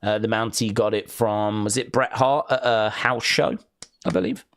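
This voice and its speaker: A man's voice: on the low side, steady tone, normal speed, a bit bright, dry recording, clean studio sound. A man hosting a wrestling live stream, chatting casually and rambling through fond memories with plenty of fillers. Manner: rambling, reminiscing, with fillers and acted-out quotes.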